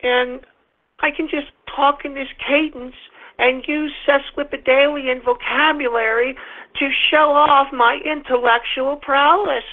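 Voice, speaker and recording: Mock impression: pompous, droning male intellectual, soft and affected, put on by a man, over phone-quality radio audio. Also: very high-pitched, steady tone, pitched above the performer's own voice. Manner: soft, slow, affected cadence.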